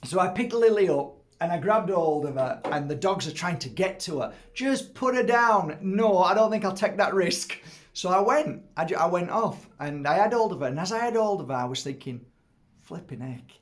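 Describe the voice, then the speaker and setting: A middle-aged man chats loosely to camera, his voice sitting a little higher than most men's. He rambles, laughs often and keeps breaking off to coo at his dog. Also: expressive, fairly quick. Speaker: host. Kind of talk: casual chat to camera.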